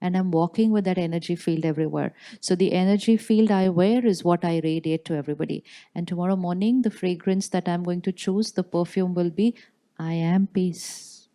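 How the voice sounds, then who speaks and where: A woman giving a spiritual talk to an audience in a large hall, speaking in slow, calm affirmations with deliberate pauses. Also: lowish voice. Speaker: spiritual teacher.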